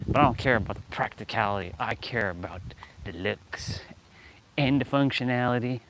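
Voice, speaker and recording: A man chats on a livestream as he strolls outside, speaking from a handheld phone. His voice sits at an ordinary middle pitch, and he rambles from thought to thought, reacting to his viewers as he goes. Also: normal speed, fairly bright tone, a little hiss or hum. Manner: rambling, musing aloud, answering chat. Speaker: fitness livestream host. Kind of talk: casual live-stream chat while walking. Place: outdoors, walking past courts and a pool.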